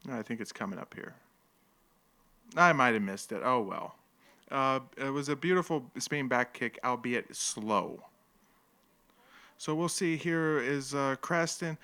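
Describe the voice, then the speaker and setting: Bright-voiced joking male stream host. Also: medium pitch. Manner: rambling, joking, laughs often. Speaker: livestream host. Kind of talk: casual commentary over an old fight event.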